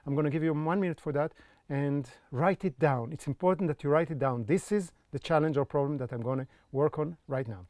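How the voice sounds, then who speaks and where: A man's voice: fairly high pitch, brisk, a little mellow, dry recording, studio quality. A man teaching an online creativity course, speaking directly to the viewer and walking them through exercises with frequent check-ins. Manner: encouraging, checks in with frequent "okay?"; talks straight to the viewer, giving step-by-step tasks. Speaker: creativity coach.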